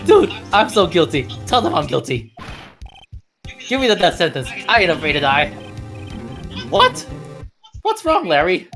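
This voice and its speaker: A woman's voice: a little high, huge pitch swings, takes it slowly, soft background music, pitched above the performer's own voice, full character voice. A woman voicing a frantic, despairing young man who wails and sobs melodramatically over his fate. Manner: wailing, sobbing, melodramatic.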